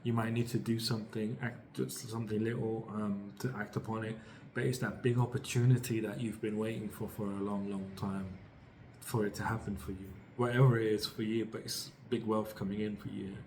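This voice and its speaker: Low, flat-voiced British man reading tarot. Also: brisk, slight background noise. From United Kingdom. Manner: rambling, upbeat, many fillers and restarts. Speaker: tarot reader.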